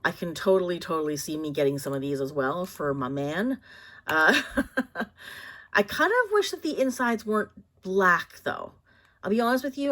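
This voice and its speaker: A woman vlogging casually about products, rambling with many fillers and quick self-corrections. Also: deep voice, fairly bright tone. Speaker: vlogger reviewing bags.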